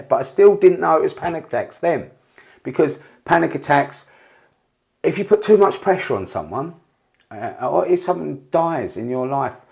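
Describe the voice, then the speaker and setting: He has a gravelly, medium-pitched voice. Guesting on a podcast, he tells candid, rambling stories with frequent swearing and restarts in a storytelling interview.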